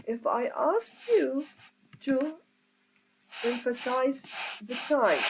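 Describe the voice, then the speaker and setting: Through a rough recording with slight background noise, a high-pitched, sing-song English teacher gives a grammar lesson. She works slowly and deliberately through each step, posing rhetorical questions to her class.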